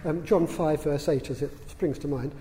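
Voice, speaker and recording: A man giving a public lecture in a large hall, dry and witty, unhurried, with the odd filler. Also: a little high, mellow, slight background noise. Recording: reverberant hall sound.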